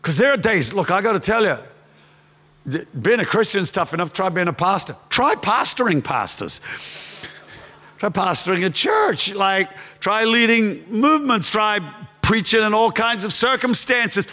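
Brief: middle-aged male pastor, high and bright, impassioned sermon, long hall reverb. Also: very animated, moderate pace. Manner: impassioned, rises to shouting then drops to hushed storytelling.

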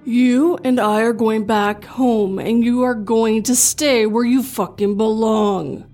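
A woman voicing a gruff, angry man who speaks slowly and loudly. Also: fairly even intonation, faint music behind. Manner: slow, booming.

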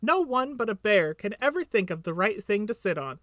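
A tiny piglet voice, high and squeaky, bursting with eager, breathless excitement, as a man reading a storybook puts him on. Lively and jumpy in pitch, recorded close and dry. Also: moderate pace, no room sound. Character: tiny timid excitable young male piglet.

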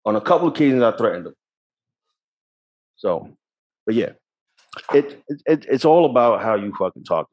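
A man's voice: mid-range voice, animated, moderate pace, pauses often, a little mellow, highs cut off. A young man co-hosting a podcast in casual chat, blunt and swearing freely as he tells work stories. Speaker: podcast co-host.

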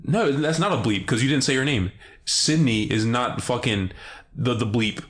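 Young guy from Maryland, podcast co-host, excitable, curses a lot, light background noise. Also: moderate pace. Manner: loud, swearing, jumps up in pitch when excited. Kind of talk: casual chat.

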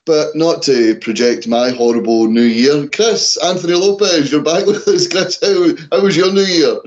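A man's voice: fairly high pitch, moderate pace, darkish tone. Dry-humored man hosting, dull sound. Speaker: podcast host. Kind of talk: casual podcast chat.

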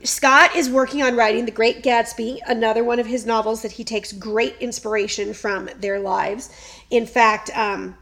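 A woman hosting a casual chat, telling a story in an animated way and reading quotes aloud playfully. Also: on the high side, moderate pace. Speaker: podcast host.

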